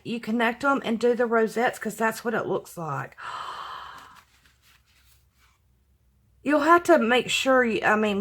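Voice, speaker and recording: A middle-aged woman with a drawl talks slowly and effusively, as if chatting with friends. She sighs and gushes with warm emotion while opening packages, and paper crinkles in the background. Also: fairly high pitch. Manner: gushing, effusive, sighing with emotion. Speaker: crafting vlogger opening fan mail. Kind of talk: casual unboxing chat to viewers.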